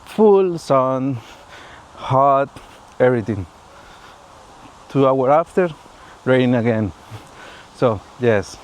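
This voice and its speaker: A man whose first language is Spanish speaks casually to camera as a vlogger, working through halting English with many restarts, repetitions, and laughs. His medium-pitched voice has lively intonation, and a bit of background noise can be heard.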